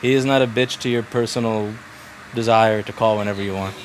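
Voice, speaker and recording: A man's voice: lowish voice, steady tone, a little fast, slight background noise. A man running a repair shop, giving blunt, profane instructions to his staff in casual workplace talk.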